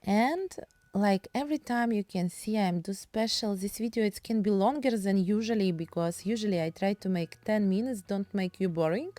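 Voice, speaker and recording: A woman's voice: mid-range voice, moderate pace, warm tone, no echo. A woman with a Russian accent teaching painting in a casual, chatty tutorial, speaking in broken English.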